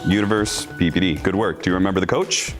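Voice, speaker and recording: A man's voice: low voice, quick pace, soft background music. A man hosting a trivia quiz with players, upbeat and encouraging. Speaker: quiz host.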